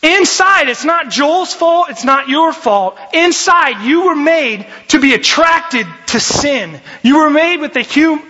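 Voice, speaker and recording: A young man, a youth pastor, preaching a lively, jokey sermon and often shifting his voice. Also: very high-pitched, takes it slowly, few pauses. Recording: dull lo-fi recording.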